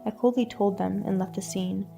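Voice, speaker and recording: A woman reading a first-person story in an even, scripted narration. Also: mid-range voice, moderate pace, vocal fry, over music.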